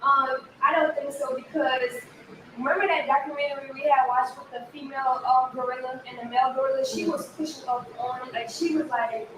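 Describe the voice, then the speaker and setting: A woman's voice: high-pitched, steady tone, fairly quick. A woman chatting casually on a talk show, hesitant and restarting her sentences with many fillers. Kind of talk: casual chat. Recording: echoey room, mic far off, noise.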